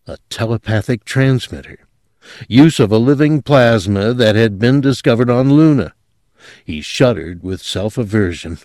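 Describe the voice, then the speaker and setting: A male narrator reads a story aloud with a lively, swinging delivery, rising and falling dramatically through each sentence. His voice is mid-pitched and the recording is close and very dry, with no room sound. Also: measured pace, dry recording. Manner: expressive, dramatic reading. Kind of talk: audiobook narration.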